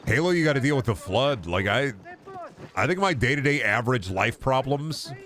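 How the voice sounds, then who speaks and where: A man's voice: mid-range voice, expressive, moderate pace, a bit bright. A man streaming a video game, chatting casually in a rambling, joking, self-deprecating way. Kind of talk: casual gaming stream commentary.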